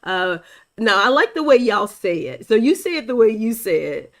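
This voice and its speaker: A woman's voice: fairly high pitch, sing-song, normal speed. A middle-aged woman hosting a faith-based interview show over a video call, effusive and encouraging, closing with a blessing. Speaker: host. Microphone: streamed video call.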